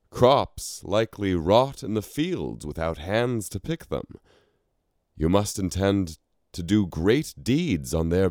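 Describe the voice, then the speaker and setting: A man's voice: sits low, a little mellow, no room sound, clean studio sound, pitched above the performer's own voice, heavily acted. A man voicing a scheming human scribe king who speaks formally and persuasively, in a storybook reading. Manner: formal, ceremonious speech.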